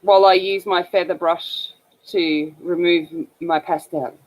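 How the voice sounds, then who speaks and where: Her pitch sits fairly low and her tone stays steady as she talks a little slowly. She's a scratchy-voiced woman from northern Australia with an Australian accent, hosting a coloring livestream and rambling casually with lots of fillers.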